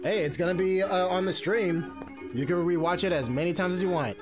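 A man giving casual, excitable play-by-play commentary on a game tournament from his home stream. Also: high-pitched, brisk, over music. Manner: excitable, casual gamer slang. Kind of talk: live esports play-by-play commentary.

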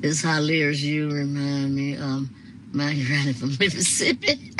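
Speaking unhurriedly in a lowish, expressive voice, a woman reads her viewers' comments during a live stream and talks back to them, laughing often. Her phone recording carries background noise.

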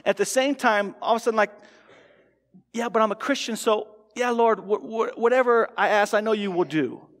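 A man with a high voice preaches in a church, his words ringing with a long hall reverb. He talks casually to the congregation, stumbling into restarts and slipping into quoted voices. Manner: conversational preaching with frequent restarts and acted-out quotes. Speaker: pastor. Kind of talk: sermon. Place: church sanctuary.

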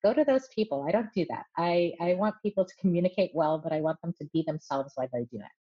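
A woman voice coach explains her work in a clear, measured and friendly manner. Her voice sits on the low side, and the recording sounds dull and lo-fi, like remote audio. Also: expressive. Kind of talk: interview guest.

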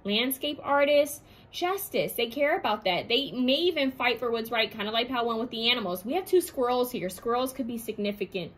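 A woman's voice: a little high, a little fast, few pauses. A woman giving a pick-a-card tarot reading in a chatty, intuitive way, often saying what she is hearing. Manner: lively, acts out quoted voices.

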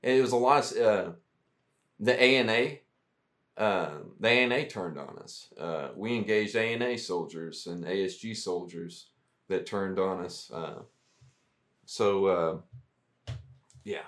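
A man's voice: deep voice, unhurried, pauses often, fairly bright tone. A man, a veteran guest, telling profane, rambling war stories in casual talk. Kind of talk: casual storytelling.

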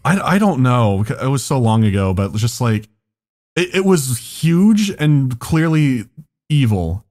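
A man's voice: medium pitch, very animated, a little slow, darkish tone. A man hosting a podcast, telling a story in casual chat, laughing often and swearing freely. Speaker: podcast host.

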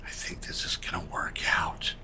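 A man co-hosting a casual Minecraft let's-play, relaxed and narrating each step as he builds. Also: moderate pace, whispered. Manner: relaxed, narrates his own building steps. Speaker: gaming channel co-host.

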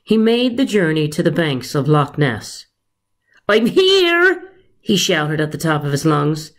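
A teacher reading a children's story aloud in an expressive, unhurried way. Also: female voice, sits low.

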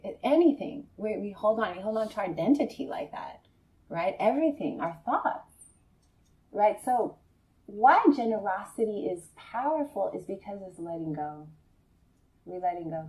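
A woman meditation teacher giving a conversational dharma talk to a live group, laughing often and checking in with her listeners. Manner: conversational, laughing often, frequent "right?" to the audience; animated storytelling, voicing friends in a high excited tone.

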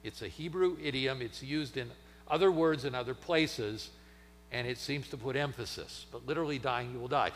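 A man preaching a sermon in a church, dramatic, swinging from loud emphasis to near-whispers. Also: mid-range voice, moderate pace, in a large hall. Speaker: pastor. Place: church sanctuary.

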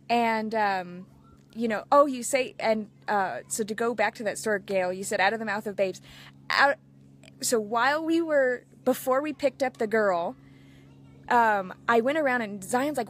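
A woman's voice: fairly high pitch, normal speed, a little hiss or hum. A woman in her thirties, a mothers' mentor, telling personal stories in a casual live chat, earnest and open. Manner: earnest, open, tells personal stories with quoted inner voices.

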